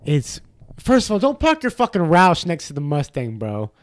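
A young man co-hosting a podcast, telling a story in casual, profane chat and acting out the people in it with high voices. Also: normal speed. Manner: animated storyteller, acts out quotes in high voices, swears a lot. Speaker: podcast co-host.

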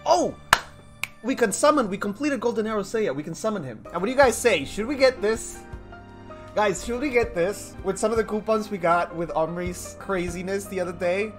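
A man from Colombia giving chatty, excitable gameplay commentary on a live stream, joking at his own expense and talking to viewers. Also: high voice, normal speed. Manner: excitable, chatty, self-mocking, talks to chat. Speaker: game streamer. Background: faint game music.

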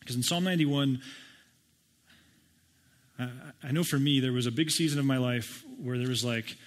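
A man's voice: mid-range voice, normal speed. A middle-aged man preaching a sermon, conversational and stumbling over repeated words, lifting his voice to read scripture aloud. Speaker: pastor.

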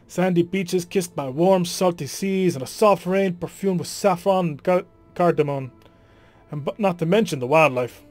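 A man's voice: sits high, a little mellow, close to an everyday voice. A man reading as a wistful, lyrical officer.

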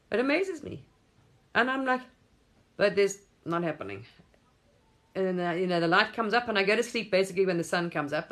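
Woman, spiritual stream host, effusive rambling talk, laughs a lot, lowish voice. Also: a bit bright. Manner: effusive, gushing, laughs often, swears casually.

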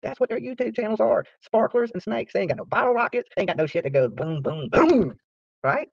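Fast-talking profane man ranting. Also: sits high, animated, vocal fry, no room sound. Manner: profane, boastful, trash-talking. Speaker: YouTube channel host. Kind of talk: casual rant to viewers. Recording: dry, slightly dull lo-fi sound.

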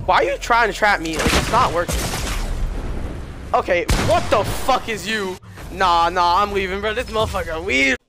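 A young man streaming a shooter game, reacting loudly, swearing often and yelping when surprised. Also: high-pitched, normal speed, music in the background. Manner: excitable, swears a lot, yelps and shouts in reaction. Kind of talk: live gameplay commentary.

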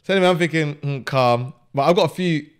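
A man's voice: fairly high pitch, fast, clean tone. A young man telling a long story in casual chat, laughing often and full of slang. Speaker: podcast co-host.

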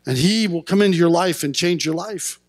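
A male pastor preaching a sermon in church, speaking earnestly and building to impassioned shouts at his peaks. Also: sits high, a little fast, dry recording. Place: church sanctuary.

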